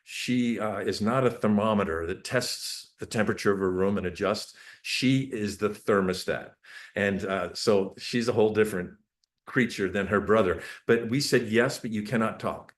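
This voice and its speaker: A man's voice: fairly low pitch, normal speed. A man giving a parenting talk over a shared screen, telling family stories with earnest, restarting speech. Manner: storytelling, acts out family dialogue. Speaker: parenting speaker.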